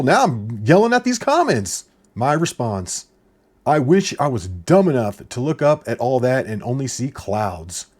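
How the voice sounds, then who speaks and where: Man, YouTuber, reaction commentary, exasperated, sarcastic, ranting, mid-pitched. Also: darkish tone, husky.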